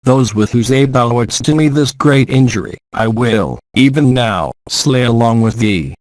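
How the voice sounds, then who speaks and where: A hungry, wrathful man-eating demon who hurls scornful old-fashioned threats, as a man reads him aloud. The voice sits at a middling male pitch. It is recorded close, with no room sound. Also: expressive, a little slow, dry recording, close to an everyday voice. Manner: scornful, archaic speech.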